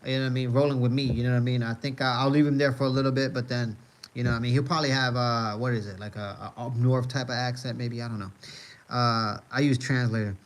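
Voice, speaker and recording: A man's voice: medium pitch, fairly even intonation, quick pace. Laid-back man rambling on a live stream. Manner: rambling, heavy on "uh" and "you know what I mean"; laid-back, profane, joking. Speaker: live streamer reading chat. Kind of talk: casual live-stream chat.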